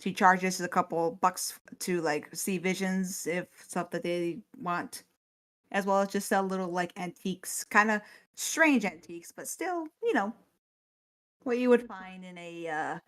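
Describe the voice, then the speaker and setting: Lower-voiced woman player, filler-heavy, describes her character. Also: a little slow, a bit bright. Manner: many fillers, laughing asides. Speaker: tabletop game player.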